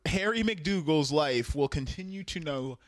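A young man with a high, lively voice, recorded close and dry. He talks casually and laughs often. He swears freely and acts out the characters in quotes. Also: measured pace, dry recording. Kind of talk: casual chat recapping a story.

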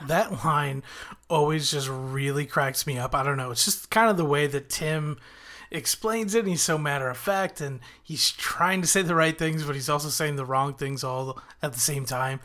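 A man's voice: fairly high pitch, moderate pace, bright, forceful tone. A man hosting a podcast, recapping a TV episode in an enthusiastic, rambling way with frequent chuckles. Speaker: podcast host reviewing a TV episode.

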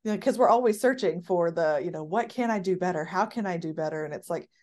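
A woman hosting a casual interview, enthusiastic and quick to laugh. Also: lowish voice, darkish tone. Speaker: podcast host.

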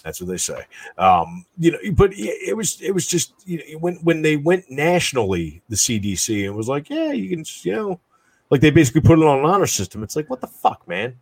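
A man in casual chat, swearing often and ranting with lots of fillers, his voice husky and close to the mic. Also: a little high, big pitch swings, fairly quick, darkish tone, dry recording.

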